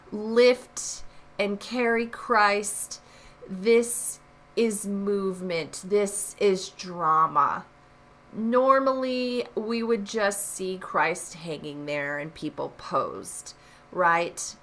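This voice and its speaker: A woman teacher walks through a test review at an unhurried pace, her voice sitting in a middle register. She explains patiently and stresses key ideas with short, punchy repeated lines. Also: medium pitch, fairly bright tone. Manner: explanatory, leans on emphatic repeated phrases. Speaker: art teacher. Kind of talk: recorded test review lesson.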